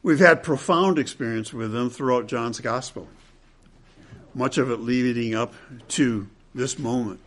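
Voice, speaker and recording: A man preaching an expository sermon, repeating key phrases and swinging between loud, emphatic peaks and hushed, low passages. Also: a little slow.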